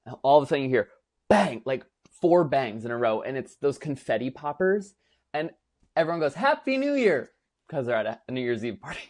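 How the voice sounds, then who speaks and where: A young man co-hosting a podcast, telling a story with animated enthusiasm and casual swearing. His pitch sits right in the middle for a man. He talks in a relaxed, chatty way. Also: fairly quick. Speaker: podcast co-host. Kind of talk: casual chat.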